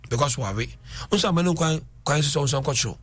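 A middle-aged man with a Ghanaian accent talks quickly, with a husky edge in his voice. His voice sits a little high for a man. He tells animated stories in a casual discussion and slides between English and Twi. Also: no room sound.

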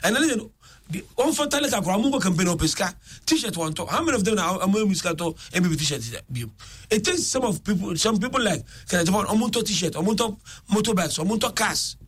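A man hosting political talk radio, switching between English and Twi with excitable commentary. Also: high voice, fast, husky.

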